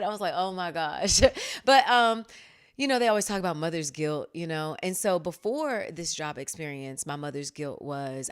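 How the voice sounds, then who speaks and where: Woman, thirties, podcast host, casual chat, low voice, smooth tone, lively quotes. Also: measured pace. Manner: animated, laughs often, acts out quotes in a higher voice.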